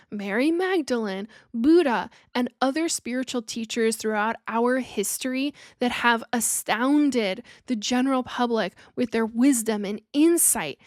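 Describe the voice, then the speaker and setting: Woman with a high voice teaching spiritual ideas. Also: no echo, clean studio sound. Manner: earnest, playful asides with laughs. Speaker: podcast host.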